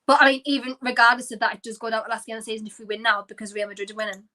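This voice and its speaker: A woman with a high, bright voice hosts a live football watchalong. Her reaction commentary is an exasperated rant broken by sighs. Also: fairly even intonation, racing. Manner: exasperated, ranting, frequent sighs.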